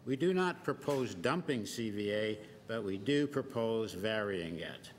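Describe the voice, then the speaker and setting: A man giving a formal prepared deputation to a council committee, listing his points one by one in a measured way and quoting from a report. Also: lowish voice, lively intonation. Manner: measured, enumerating points, reading quotations. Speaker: business association deputant. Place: large council chamber. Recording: long-reverb council chamber with faint noise.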